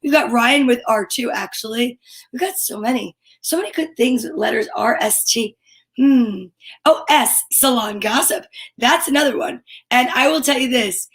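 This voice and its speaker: A middle-aged woman runs a children's story time live stream, greeting viewers and reading out names and comments. She's bubbly and animated, her voice a little high, at a normal speed.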